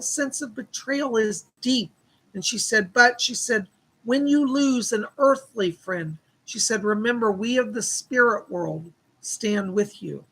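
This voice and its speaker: A male psychic host giving live readings with a gravelly, husky edge and a bright, forward tone. He passes along spirit messages, repeating "she said" as he goes, and stops to thank viewers for their donations. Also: high-pitched, rough recording.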